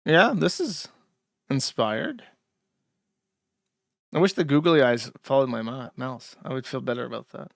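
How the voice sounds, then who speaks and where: A man's voice: mid-range voice, animated, a little slow, vocal fry, pauses often, dry recording, studio quality. A man hosting a podcast, giving crude, profane, sarcastic commentary as he reacts to online content. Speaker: podcast host. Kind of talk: casual commentary.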